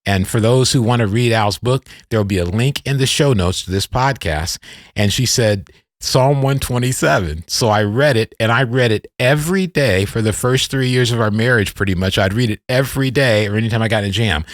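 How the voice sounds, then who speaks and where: A man in his fifties hosting a podcast, telling a personal story in a rambling, animated way with frequent restarts. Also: medium pitch, a little fast, no echo, studio quality. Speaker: podcast host. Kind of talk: casual storytelling interview.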